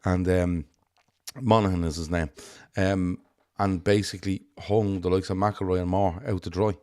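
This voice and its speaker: Male podcast co-host, lowish voice, loose rambling delivery, dry mic. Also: fairly even intonation, normal speed, darkish tone, dry recording. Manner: rambling, many ums and restarts. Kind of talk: casual chat.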